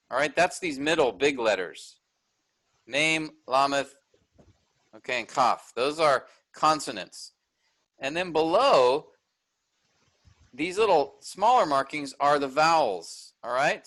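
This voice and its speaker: A man leads a workshop lecture with a fairly high, bright voice. He explains step by step, often asking his listeners if they follow. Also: low-quality recording. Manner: explanatory, checks in with listeners, frequent fillers. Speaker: teacher. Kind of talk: online workshop lecture on Hebrew text.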